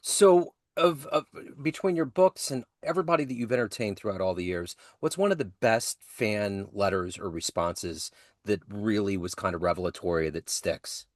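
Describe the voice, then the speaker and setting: A man with a very deep voice hosts an interview. He asks long, winding questions in a dry, close recording with no room sound. Between answers he offers brief affirmations. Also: normal speed, no room sound. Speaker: podcast interviewer.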